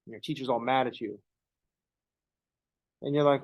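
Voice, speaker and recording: A man's voice: medium pitch, fairly even intonation, a little slow, long pauses, poor audio. A man teaching a math class in a loose, profane, conversational way, acting out little dialogues between students and teachers. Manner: casual, profane, acts out dialogues. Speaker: math instructor. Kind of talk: informal lecture.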